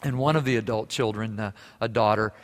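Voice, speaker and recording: Storytelling pastor in a reverberant church. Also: male voice, fairly low pitch, a little fast. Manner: storytelling, lively, warm humor. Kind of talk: sermon.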